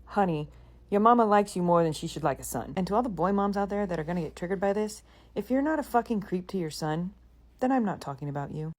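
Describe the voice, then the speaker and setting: A woman rattles off casual commentary at a brisk clip in a lowish voice. She is blunt and mocking, and she swears freely. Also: lively intonation, darkish tone.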